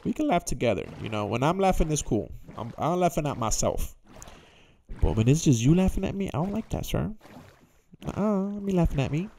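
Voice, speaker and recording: Lively jokey young man playing a game. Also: fairly high pitch, fairly quick, creaky, a little hiss or hum. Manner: jokey, talks to himself and game characters. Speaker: gaming YouTuber. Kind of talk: casual gameplay commentary.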